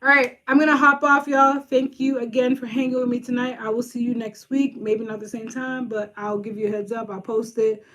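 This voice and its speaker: A woman's voice: fairly high pitch, level tone, a little fast, hardly any pauses, crowd noise. A woman from Boston hosting a casual live stream, chatting and answering viewer comments as they come in. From Boston, USA. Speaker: livestream host, social worker.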